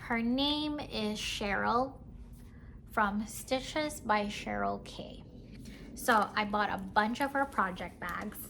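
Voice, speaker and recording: Woman vlogger, unhurried chatty show-and-tell, giggly, faint hiss behind. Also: mid-range voice, gravelly, a bit bright. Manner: chatty, giggly, says "like" often. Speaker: cross-stitch vlogger. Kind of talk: casual show-and-tell chat.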